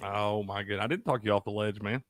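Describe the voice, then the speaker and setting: His voice is on the low side and his pace brisk. As co-host of an easygoing sports betting talk, he curses freely, gets animated, and laughs often, captured in clean studio sound without room noise.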